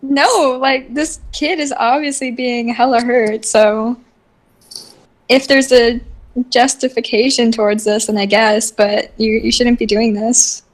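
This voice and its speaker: A woman's voice: fairly high pitch, steady tone, measured pace. A woman playing a tabletop game, casual and playful. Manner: laughing, playful. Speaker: player.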